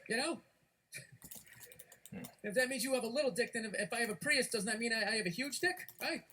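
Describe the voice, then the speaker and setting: A man's voice: extremely high pitch, brisk, bright, forceful tone. A man doing stand-up comedy on stage, ranting and swearing in a conversational way.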